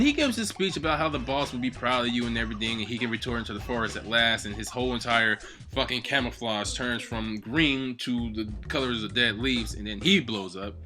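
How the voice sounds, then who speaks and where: A man hosting a gaming video, giving an excitable, heavily profane casual ranking commentary. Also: medium pitch. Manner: acts out game lines in loud bursts.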